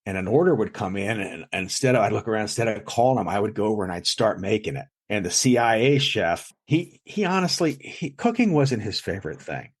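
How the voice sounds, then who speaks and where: A man's voice: lowish voice, lively intonation, fairly quick, few pauses, slightly rough. A man, a chef and food blogger, chatting as a guest, telling stories in a rambling way full of fillers and restarts. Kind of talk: casual storytelling in an interview. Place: lives in South Jersey.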